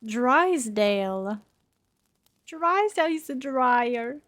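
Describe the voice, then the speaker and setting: A woman's voice: fairly high pitch, expressive, drawn-out words, pauses often, no room sound. A young woman streaming a dating game, chatting, giggling and bantering back at the characters. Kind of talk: live game streaming commentary.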